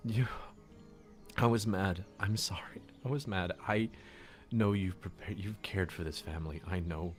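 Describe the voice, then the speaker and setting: A man's voice: low-pitched, fairly even intonation, measured pace, faint music behind, voice pushed up. A man playing a pleading, worried farm wife. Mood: fierce, tender. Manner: pleading, tearful whispering. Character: worried, loving young farmer's wife.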